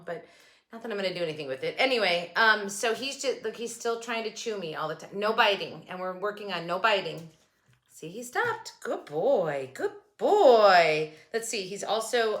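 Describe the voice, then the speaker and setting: A woman's voice: a little high, pushed and bright. A woman hosting a casual crafting vlog from her home craft table, chatty and rambling. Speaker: craft channel host.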